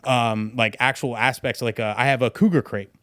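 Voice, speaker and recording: A man's voice: medium pitch, steady tone, normal speed, a bit bright, clean tone, no echo. A man in his thirties, a wedding DJ guest on a podcast, talking loosely with lots of swearing and fillers. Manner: loose, profane, rambling with many fillers. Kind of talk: casual interview chat.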